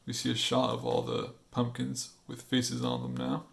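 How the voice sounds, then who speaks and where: A man chatting in a casual vlog, excitable and quick to restart his sentences, with some swearing. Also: medium pitch, gravelly, slightly rough. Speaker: comic artist vlogger. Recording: faint guitar music behind.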